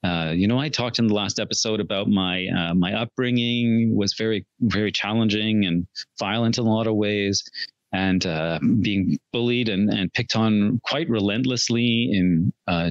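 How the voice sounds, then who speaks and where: A man's voice: fairly low pitch, a little slow, no echo, muffled recording. A man talking as a podcast guest in casual interview chat, earnest and reflective, laughing at his own slips.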